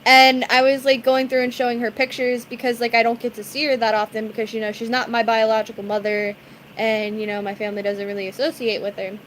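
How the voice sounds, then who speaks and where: A woman with a high, light voice chats easily with her stream viewers, giggling as she goes. She greets people in the chat by name between rambling stories, in a relaxed, talkative way. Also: fast, a little hiss or hum, low-quality recording. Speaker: live streamer.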